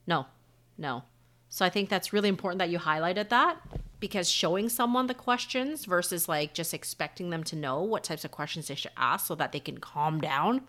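A woman's voice: lowish voice, animated, normal speed, a bit bright. A married woman co-hosting a podcast, chatting openly and personally with lots of "like". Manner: open, personal, chatty with frequent "like". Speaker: podcast co-host. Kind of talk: casual conversation.

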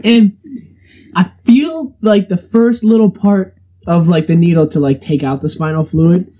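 A man's voice: sits high, unhurried, dark tone, low-quality recording. A young man telling a rambling, jokey story in casual chat as a co-host, full of fillers.

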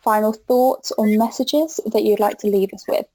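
A woman's voice: mid-range voice, moderate pace, mellow, rough recording. A woman hosting an interview, thoughtful and conversational, using tag questions. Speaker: interviewer host.

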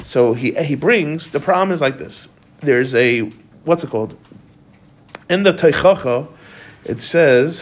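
A man's voice: fairly high pitch, animated, measured pace, pauses often. A man giving an informal Torah class, talking conversationally and quoting commentators.

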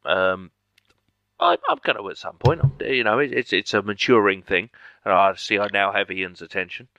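A man's voice: fairly low pitch, big pitch swings, moderate pace, pushed and bright, no echo. A man co-hosting a podcast, chatting enthusiastically about video games and swearing freely. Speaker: podcast co-host. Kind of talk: casual chat.

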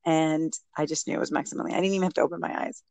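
A woman guest and mother telling a personal story in a casual interview, animated and acting out what people said. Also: deep voice, very fast, dry recording. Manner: animated, acts out quoted speech.

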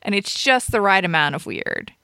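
A woman's voice: medium pitch, expressive, moderate pace, bright, forceful tone, clean tone, no echo, clean studio sound. A woman hosting a podcast, chatting casually about a movie, rambling, laughing often and restarting her sentences. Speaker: radio and podcast host.

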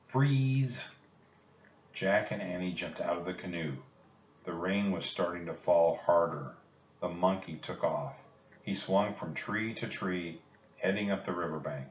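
A man reading a children's storybook aloud in a calm, measured way. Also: low-pitched, slight background noise. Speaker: narrator. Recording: echoey, distant and muffled.

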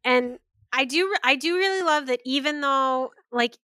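A woman's voice: high-pitched, a little slow, pushed and bright, no room sound, clean studio sound. A woman co-hosting a podcast, casually retelling a book chapter and playfully voicing the characters. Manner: retells the plot with playful quoted voices. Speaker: podcast co-host. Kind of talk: casual book-club chat.

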